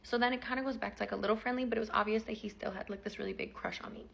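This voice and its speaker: A woman's voice: fairly high pitch, steady tone, racing, vocal fry, fairly bright tone, muffled recording. A woman in her twenties telling a personal story in a chatty, casual vlog style, full of fillers.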